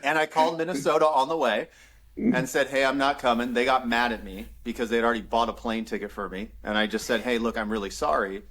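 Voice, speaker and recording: A man's voice: mid-range voice, quick pace, hardly any pauses. A man in his thirties, a former football player and podcast guest, telling stories casually with lots of laughter and acted-out dialogue. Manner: animated storyteller, acts out quoted dialogue, laughs often. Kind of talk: casual storytelling interview.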